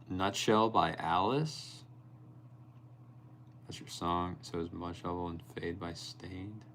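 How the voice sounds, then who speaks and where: A young man hosting a live stream, chatting casually and answering viewers' comments by name, sometimes telling animated stories. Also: sits low, vocal fry, a little hiss or hum. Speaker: livestreamer reading chat.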